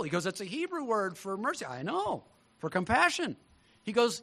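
A male pastor preaching a sermon, telling stories with lively swings between loud emphasis and hushed tones. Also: high-pitched, brisk.

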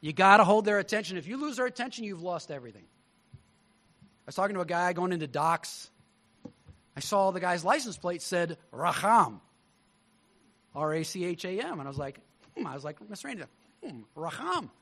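A male pastor preaching a sermon, telling stories with lively swings between loud emphasis and hushed tones. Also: high-pitched, normal speed, long pauses.

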